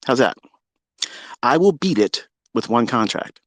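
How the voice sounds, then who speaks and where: A man, a trading mentor, ranting in a live audio room, profane, boastful and taunting, swinging from loud shouts to hushed asides. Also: medium pitch, expressive, unhurried, no room sound. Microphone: computer mic in a live audio room.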